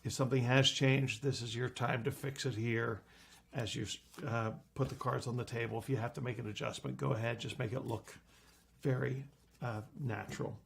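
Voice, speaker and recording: A middle-aged man lecturing on card magic, playfully acting out his patter with big jumps in pitch. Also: fairly even intonation, moderate pace, vocal fry, slightly rough.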